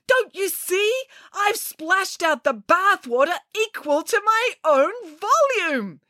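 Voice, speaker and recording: An excitable, scatterbrained ancient scientist, voiced by a woman reading a storybook, squealing in a much higher voice than the narration. She swoops wildly up and down in pitch and sounds breathless with excitement. The recording is close and dry. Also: normal speed, no echo. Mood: excited.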